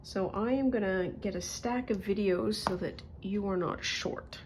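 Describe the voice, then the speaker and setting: A crafting vlogger chats casually to the camera as she works, thinking out loud and joking about herself. Her voice is mid-range and a little slow, and the background is noisy.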